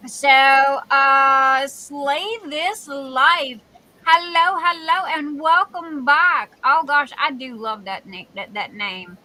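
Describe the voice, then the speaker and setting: Southern woman, stream host; high, bright, chatty, calls folks darling. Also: takes it slowly, rough recording. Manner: chatty, greets viewers one by one with endearments. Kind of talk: casual live-stream chat.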